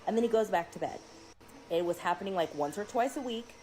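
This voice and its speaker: A woman's voice: mid-range voice, lively intonation, fast talker, mellow, slight background noise, low-quality recording. A mother telling a story to camera in casual speech, urgent and emphatic, acting out what her child said.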